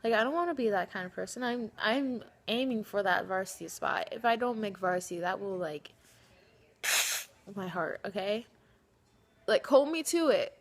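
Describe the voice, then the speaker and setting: A woman vlogging casually to the camera, talking straight to her friends in an animated, dramatic way, pleading one moment and teasing the next. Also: mid-range voice, moderate pace. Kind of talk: casual direct-to-camera vlog addressed to friends.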